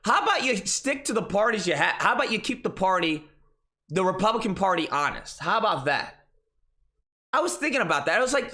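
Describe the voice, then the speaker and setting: A man's voice: high-pitched, big pitch swings, a little fast, sharp tone. A man hosting a political commentary stream, ranting in an exasperated, mocking, profane way.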